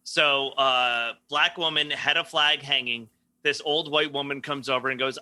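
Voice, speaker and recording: A man hosting a casual comedy chat, telling jokey stories and slipping into quick voices for the people in them. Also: mid-range voice, fairly even intonation, pushed and bright. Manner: joking, storytelling with quick impressions and frequent laughs.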